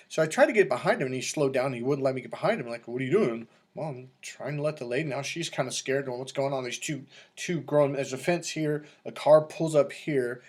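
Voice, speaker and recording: A middle-aged man coaching in a casual monologue, telling stories and acting out quoted voices with animation. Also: mid-range voice. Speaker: dating coach.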